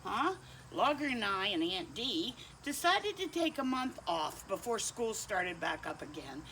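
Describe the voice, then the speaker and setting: A woman reads a children's picture book aloud at an unhurried pace. Her pitch climbs and dips playfully. She pauses to chat kindly with her dog between pages. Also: a little hiss or hum. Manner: slow, lively, kindly reading with asides to a pet dog. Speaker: storytime reader.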